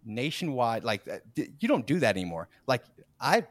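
A podcast host eases into a rambling workplace story in casual chat, at a moderate pace. He swings between low mutters and high bursts of laughter, animatedly acting out the people he quotes, recorded on a close mic in a dry room.

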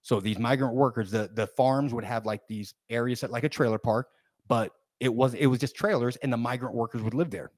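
A man hosting a podcast, telling a rambling, animated story in casual conversation. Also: medium pitch, fairly quick, no room sound, studio quality. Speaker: podcast host.

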